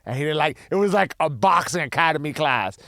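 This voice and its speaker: A man who works as a personal trainer, co-hosting a casual podcast and telling stories with animated voices for his clients. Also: on the high side, fairly quick, gravelly, no room sound, clean studio sound. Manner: animated storyteller, imitates clients.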